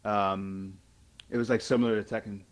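Young man, podcast guest, low voice, brief dry remarks. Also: little pitch movement, normal speed. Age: 20s. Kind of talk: casual podcast chat.

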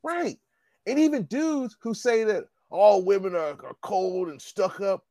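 A man's voice: high voice, measured pace, warm tone, no room sound. A man in casual conversation, ranting bluntly and profanely. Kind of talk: casual chat.

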